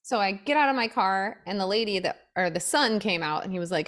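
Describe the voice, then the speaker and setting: Speaking fast with few pauses, a young woman in the mid-range co-hosts a podcast. Her casual chatter is full of animated stories where she acts out what others said.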